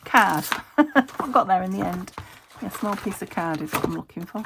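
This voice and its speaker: British woman vlogger, casual self-talk at a craft desk, creaky, noisy recording. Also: mid-range voice, lively intonation, normal speed. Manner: chatty, thinks aloud, self-talking with little laughs. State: recovering from a fever. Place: home craft desk, window open. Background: traffic through an open window.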